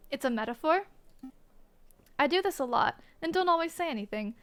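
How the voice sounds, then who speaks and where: A woman's voice: high-pitched, expressive, fairly bright tone. A woman streaming a game, chatting casually and playfully and joking with her viewers. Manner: playful, joking, quick to laugh.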